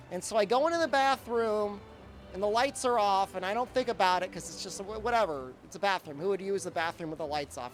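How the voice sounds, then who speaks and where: A man streaming a game and chatting casually, telling a rambling story full of fillers and restarts. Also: high-pitched. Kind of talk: casual chat during a live game stream.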